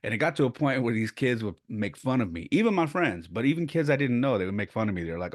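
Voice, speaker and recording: A man's voice: medium pitch, sing-song, fairly quick, no room sound, clean studio sound. A man from San Jose hosting a podcast and telling family stories in a casual, rambling way from his bedroom at home. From San Jose, California. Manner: rambling, conversational, with restarts and laughs. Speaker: podcast host. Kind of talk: casual storytelling monologue. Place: bedroom at home, child sleeping nearby.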